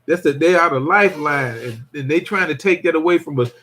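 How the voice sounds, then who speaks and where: Older male streamer, slightly high voice, rambling casual monologue. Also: a little fast, a bit bright. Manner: rambling, repeats himself, greets viewers by name. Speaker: livestream host.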